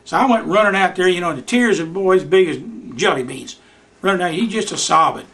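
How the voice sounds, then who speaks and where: A folksy Southern storyteller, this older man recounts coaching youth baseball while at home in his living room for a visit, voicing the people in his anecdotes. He talks quickly in a high voice with lively intonation and a fairly bright tone.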